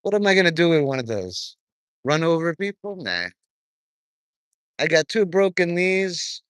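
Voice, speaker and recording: A man's voice: fairly high pitch, sing-song, a little slow, fairly bright tone, clear, resonant tone, no room sound. A man giving a rambling, profane, stream-of-consciousness monologue to his viewers. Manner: profane, stream-of-consciousness, drifting between topics.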